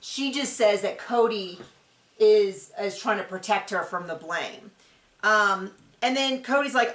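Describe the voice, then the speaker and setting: A woman's voice: mid-range voice, a little slow, a bit bright. Chatty opinionated woman recapping TV. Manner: chatty and opinionated, rambling with frequent fillers. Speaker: TV show recap host. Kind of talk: casual reality-TV recap commentary. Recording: echoey room.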